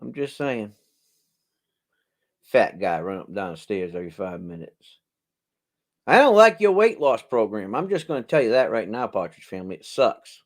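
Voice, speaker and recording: A man's voice: fairly low pitch, sing-song, moderate pace, pauses often. A man, a preacher hosting a charity live stream from home, rambling and joking and laughing at his own lines. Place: home, indoors.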